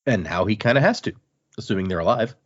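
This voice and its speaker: A man's voice: lowish voice, expressive, fast talker. A man hosting a casual book discussion podcast, recapping chapters chattily with fillers. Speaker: podcast host. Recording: slightly muffled podcast audio.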